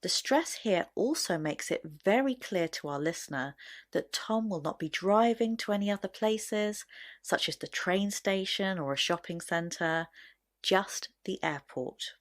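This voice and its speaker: A woman explaining sentence stress in a video lesson, speaking clearly and deliberately as she demonstrates. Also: mid-range voice, expressive. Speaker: English teacher.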